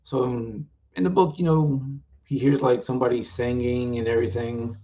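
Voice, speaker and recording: A man retelling the story of his book in a casual, rambling way, with many fillers. The voice sits at an ordinary middle pitch. The sound is dull and lo-fi, like stream audio. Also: fairly even intonation, normal speed, warm tone. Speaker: author. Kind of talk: live stream book talk.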